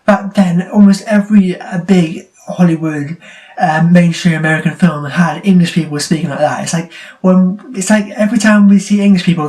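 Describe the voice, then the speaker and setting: A man with a fairly high voice gives a casual spoken movie review. He talks in a chatty, incredulous way and often breaks into laughter. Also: mellow. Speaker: film reviewer.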